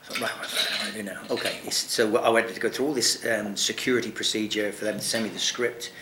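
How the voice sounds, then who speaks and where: A man telling a long anecdote in casual chat, animated, swearing often and laughing. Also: fairly low pitch, fast, roomy sound, slight background noise. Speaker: guest actor. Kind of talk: casual storytelling.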